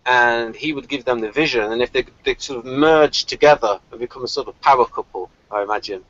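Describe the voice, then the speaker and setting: A man hosting a casual online group discussion, talking in a lively, animated way and laughing often. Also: medium pitch, brisk. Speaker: discussion host. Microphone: video call. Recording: dull lo-fi call audio.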